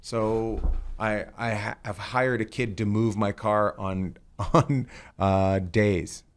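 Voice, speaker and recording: A man's voice: lowish voice, fairly even intonation, takes it slowly, slight background noise. A middle-aged man hosting a casual comedic chat, telling rambling stories and swearing freely. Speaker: podcast host.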